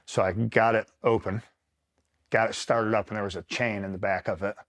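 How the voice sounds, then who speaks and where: A man's voice: lowish voice, fairly even intonation, moderate pace, fairly bright tone. A man from upstate New York, a retired Marine, telling a rambling war-buddy story in a casual, profane way and checking in with the listener often. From upstate New York, USA. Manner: rambling, swears freely, keeps checking in with the listener. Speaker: retired Marine, interview guest.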